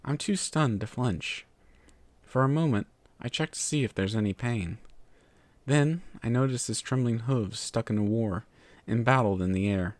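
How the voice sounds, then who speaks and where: A man narrating a fan fiction story in a steady, measured way. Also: medium pitch, no echo. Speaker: story reader.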